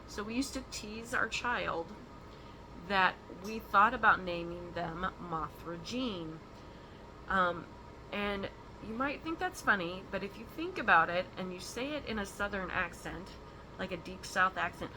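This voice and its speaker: Bright-voiced chatty woman vlogging. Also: mid-range voice, animated, normal speed, a little hiss or hum. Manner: chatty, rambling, with frequent ums and laughs. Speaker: stitching vlog host. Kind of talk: casual chat.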